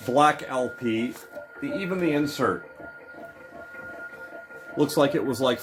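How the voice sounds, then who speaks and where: Foul-mouthed excitable man, music behind. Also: medium pitch. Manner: excitable, swears constantly, punchy emphatic lists. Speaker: vlogger showing his record purchases. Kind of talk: casual, profane monologue.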